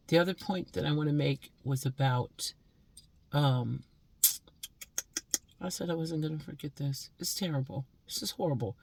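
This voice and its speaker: Blunt, husky-voiced woman in her sixties. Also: sits low, normal speed, long pauses. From Pennsylvania. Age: 60s. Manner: blunt, profane, lecturing. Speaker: vlogger. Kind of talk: scolding monologue to camera.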